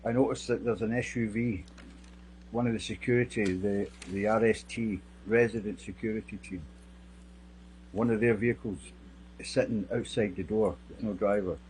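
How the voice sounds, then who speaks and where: A middle-aged man, a security guard giving sworn testimony, recounting events in a halting way, often repeating and restarting his phrases. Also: lowish voice, steady tone, darkish tone, a little hiss or hum, low-quality recording.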